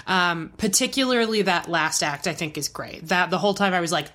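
A woman in casual podcast chat, jokey and animated. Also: on the low side, moderate pace, few pauses.

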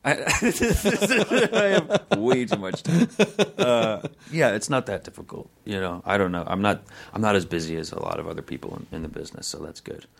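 Laid-back young man, gravelly voice. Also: fairly low pitch, expressive, moderate pace. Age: 20s. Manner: laid-back, laughs often, trails off. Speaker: guest actor. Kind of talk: casual chat.

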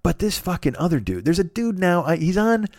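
A man's voice: high voice, big pitch swings, fairly quick, a little mellow, no echo, clean studio sound. A man hosting a podcast, rambling through a profane, sarcastic comedy rant and slipping into silly voices. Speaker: podcast host.

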